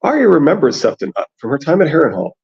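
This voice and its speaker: A man with a gravelly, raspy voice who reads passages aloud and then chats about them. His pitch is average, and the sound is dull and lo-fi. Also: huge pitch swings, quick pace, darkish tone. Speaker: podcast host reading aloud. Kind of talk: casual book discussion and reading aloud.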